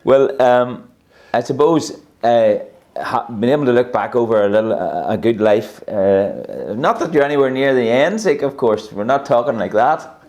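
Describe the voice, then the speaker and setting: A man interviewing an older guest, asking questions in a gentle, halting way. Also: medium pitch, expressive. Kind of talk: conversational interview.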